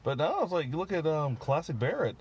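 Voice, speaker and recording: A podcast co-host rambles through a casual chat, full of fillers and restarts. His fairly high voice is sing-song and fast, with a breathy edge.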